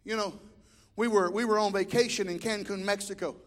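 A middle-aged man preaching a sermon as pastor, swinging between shouted exhortation and quiet, chatty storytelling. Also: high voice, fairly even intonation, fairly quick. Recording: long hall reverb.

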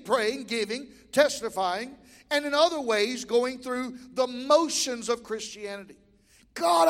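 High-voiced preacher in a hall. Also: male voice. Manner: folksy, preaching with rising shouted builds. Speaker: pastor. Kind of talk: sermon. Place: church sanctuary. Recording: church hall reverb.

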